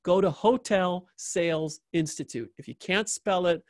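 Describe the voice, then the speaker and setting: A man's voice: high-pitched, a little slow, a little mellow, no echo, clean studio sound. A man hosting an interview, wrapping up with an enthusiastic, joking endorsement of his guest, often repeating phrases for emphasis. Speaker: interview host.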